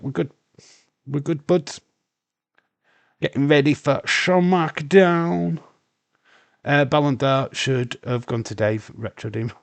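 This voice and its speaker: A man with a Yorkshire accent chats slowly and loosely on a live stream, reading out viewers' messages and stumbling into restarts. He swears freely. The mic sound is close and dry, with no room around it. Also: mid-range voice, no echo. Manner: swears freely, reads chat aloud, rambling with restarts. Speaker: livestream host. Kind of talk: casual live watch-along chat.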